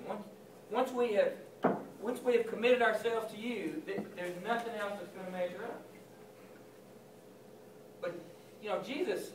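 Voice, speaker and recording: A man's voice: sits high, a little hiss or hum. A man giving an informal chapel sermon to school students, talking conversationally and acting out Bible scenes in quoted voices. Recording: echoey chapel from far off.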